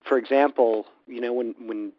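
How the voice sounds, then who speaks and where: A man's voice: medium pitch, fairly even intonation, normal speed, dry recording, lo-fi sound. A man co-hosting a radio talk, chiming in casually and stumbling over his first words. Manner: stammering restarts. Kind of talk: casual chat.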